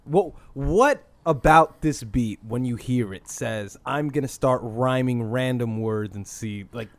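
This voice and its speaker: A man's voice: mid-range voice, a little slow, no room sound. A man co-hosting a podcast, teasing his partner in a dry, sarcastic way. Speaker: podcast co-host. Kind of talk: casual podcast banter.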